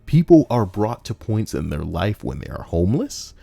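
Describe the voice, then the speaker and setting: A man reads stories aloud, then breaks off into brash, mocking, profane rants aimed at both the writer and the listener. His low, gravelly, dark-toned voice is very animated at normal speed, recorded dry with faint music behind.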